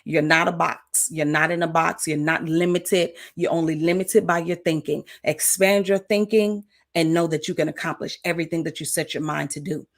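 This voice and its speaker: A woman's voice: sits low, steady tone, moderate pace, hardly any pauses. A woman coach hosting a motivational livestream talk. She is encouraging, repeats affirmations, and uses many "uh" fillers. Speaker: coach and show host.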